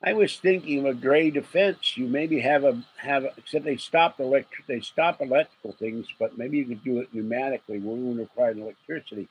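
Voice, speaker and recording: A man's voice: medium pitch, a little fast, few pauses, husky, rough recording. A man hosting a late-night livestream, rambling and joking with viewers, chuckling often and getting sleepy. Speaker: livestream host.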